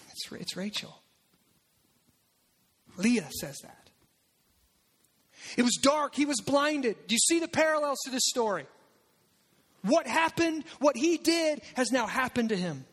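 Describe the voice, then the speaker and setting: Male pastor, very high voice, animated sermon delivery, long hall reverb. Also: a little slow. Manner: animated, acts out quoted lines with raised voice.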